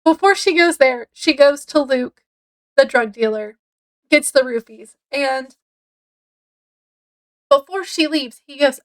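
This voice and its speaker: A woman's voice: high voice, measured pace, pauses often, poor audio. A woman giving a casual, chatty book review, rambling a bit with fillers as she retells the plot.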